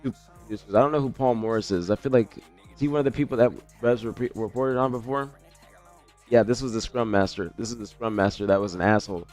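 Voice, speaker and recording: A man's voice: fairly low pitch, fairly quick, a little mellow, faint music behind. A man streaming live, talking casually in a loose, rambling way, correcting himself mid-sentence and swearing now and then.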